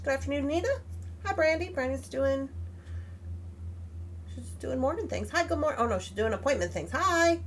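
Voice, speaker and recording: A woman's voice: sits high, moderate pace, pauses often, a little hiss or hum. A woman chatting casually and cheerfully while hosting a live craft tutorial from home. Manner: chatty, animated, talks to her pet and viewers. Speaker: livestream craft host.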